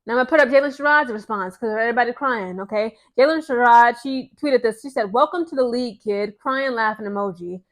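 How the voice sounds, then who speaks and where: A woman's voice: on the high side, fast, hardly any pauses. A woman ranting in casual sports commentary to her viewers, sarcastic and exasperated. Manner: mocks others in put-on voices.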